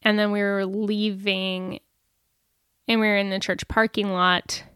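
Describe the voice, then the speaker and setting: A woman's voice: mid-range voice, little pitch movement, unhurried, a bit bright, clean tone, no echo, studio quality. A young woman casually co-hosting a podcast, telling candid personal stories in a chatty way. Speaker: podcast co-host. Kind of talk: casual chat.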